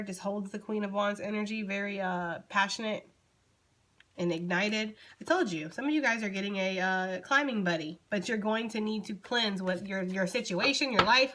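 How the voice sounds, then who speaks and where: A woman's voice: medium pitch, sharp tone. A young woman giving a casual, chatty tarot reading and talking straight to her viewers. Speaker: tarot reader.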